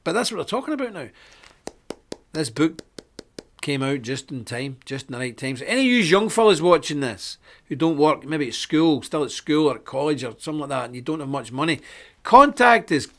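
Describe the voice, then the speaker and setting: A middle-aged man speaks on a live-streamed show in a slightly higher-than-usual voice. He preaches forcefully and stresses his points in sudden, loud bursts. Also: sing-song, a little fast. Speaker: host of a live web show.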